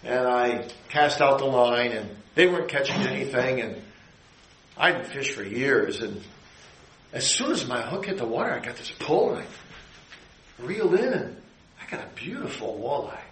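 A middle-aged man preaching a sermon, building his phrases to emphatic high peaks and then dropping low. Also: expressive, normal speed, fairly bright tone, reverberant, a little hiss or hum, rough recording.

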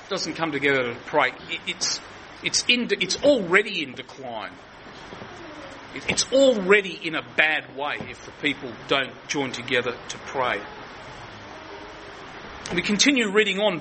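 A man's voice: a little high, pushed and bright, a little hiss or hum, low-quality recording. A man preaching an earnest expository sermon, often restarting his sentences.

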